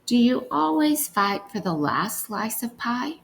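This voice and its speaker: Slow-paced woman teaching phonics. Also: fairly high pitch, big pitch swings, creaky, low-quality recording. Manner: slow, careful dictation, sounding words out. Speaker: reading teacher. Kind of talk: recorded phonics lesson.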